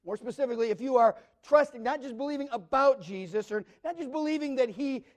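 A man with a very high voice preaches a Bible study. He is earnest, often repeating himself and asking rhetorical questions. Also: fast.

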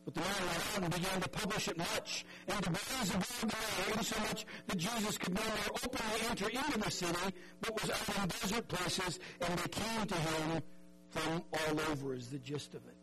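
Male preacher, earnest and chatty, higher voice, radio broadcast with loud music underneath. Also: poor audio. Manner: earnest, conversational, repeats words, acts out voices. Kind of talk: sermon.

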